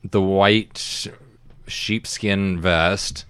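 A young man in casual chat, laid-back and low-key, slowly describing things. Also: fairly even intonation, fairly bright tone, clear, resonant tone, dry recording.

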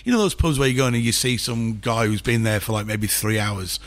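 A man's voice: fairly low pitch, fairly quick, fairly bright tone. A man as a podcast guest, telling rambling pub anecdotes in casual chat, full of restarts and fillers.

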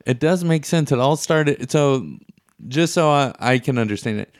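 A man's voice: a little high, moderate pace, dry recording, clean studio sound. A man co-hosting a podcast in casual chat, curious and jokey, asking questions to follow along. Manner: curious, jokey, laughs often, asks clarifying questions. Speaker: podcast co-host.

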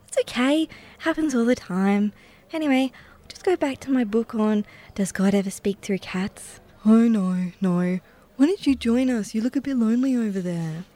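A woman's voice: on the high side, moderate pace, dark tone, close to an everyday voice. A woman playing a shy, awkward Scarecrow figure who writes bad love poetry, in a comedy audio drama. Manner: timid, apologetic, awkwardly earnest. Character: Scarecrow, shy awkward hopeless-romantic poet.

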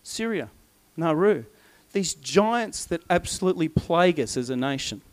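A man preaches in an animated, storytelling way and slips into voices for the people in his tale. His voice sits a little high for a man. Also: moderate pace. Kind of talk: sermon.

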